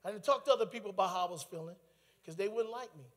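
Man, high voice, animated testimony preacher, reverberant hall. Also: very fast. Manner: animated storytelling with laughter and asides. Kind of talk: testimony sermon.

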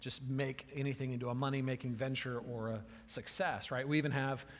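A man's voice: medium pitch, level tone, a little fast, long reverb tail. A man preaching a sermon in a conversational way, often checking in with "right?" and repeating words as he goes. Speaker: pastor.

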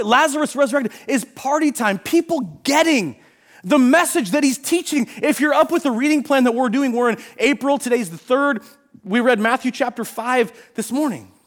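A middle-aged pastor with a very high-pitched voice preaches an animated sermon. He acts out scenes from the Bible and sometimes shouts.

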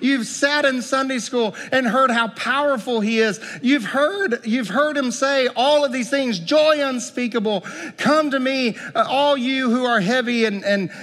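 Pastor, man, high-pitched, animated preaching that swings from loud pleading to quiet asides, reverberant church. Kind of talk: sermon.

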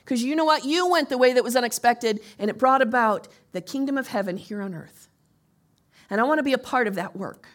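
A woman pastor preaching and leading a congregation in prayer, swinging from soft, near-whispered lines to loud rallying shouts. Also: a little high, a little fast.

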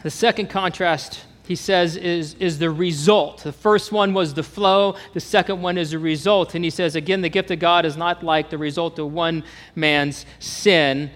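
A Kansas man with a matching accent preaches from the pulpit, animated and putting questions to his congregation. His voice is fairly high, his pace moderate, and a long reverb tail follows his words.

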